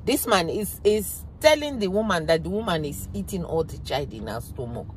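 A woman's voice: on the low side, animated, moderate pace, a little hiss or hum. A woman giving an impassioned reaction commentary, emphatic and repeating her points. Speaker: vlogger.

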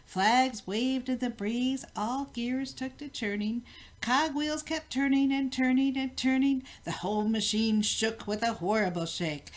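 An older woman, a grandmother, reading a rhyming picture book aloud in a rhythmic, expressive way. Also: a little high, unhurried. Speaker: storybook reader.

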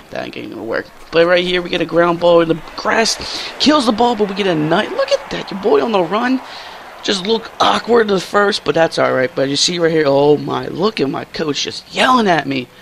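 Young male gaming commentator, excitable and slangy, gravelly tone. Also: a little hiss or hum. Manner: excitable, slangy, jumps to high squeals when thrilled. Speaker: gaming YouTuber. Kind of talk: casual gameplay commentary.

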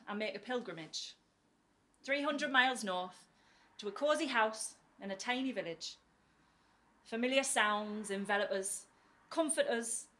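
A woman from northeast England with a soft southern English accent, performing spoken word poetry with rhythmic, rhyming delivery and dramatic pauses. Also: mid-range voice. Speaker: poet and teacher.

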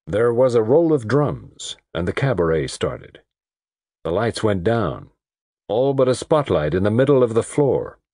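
In an unhurried delivery captured cleanly in the studio with no room sound, a man narrates a detective audiobook. His voice is low and animated as he performs the characters' dialogue from the script.

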